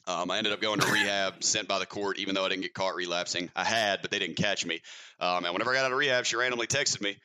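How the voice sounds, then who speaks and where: A young man from Mississippi with a Southern accent and a deep voice, telling a rambling, self-mocking story as a podcast guest. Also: steady tone, quick pace, bright, forceful tone, smooth. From Mississippi, USA. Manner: rambling, self-mocking, laughs through stories. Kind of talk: casual storytelling.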